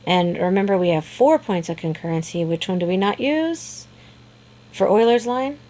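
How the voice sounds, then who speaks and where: A woman teaching a high school math lesson in a casual, chatty way, with frequent fillers and restarts. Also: expressive, normal speed, mellow. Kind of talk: classroom lecture video.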